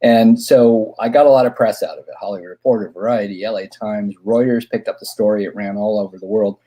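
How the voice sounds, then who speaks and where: A man's voice: fairly low pitch, fairly quick. A middle-aged man, a film director, telling a long anecdote in a casual podcast chat, acting out the people he quotes. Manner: animated anecdote teller, acts out quoted voices.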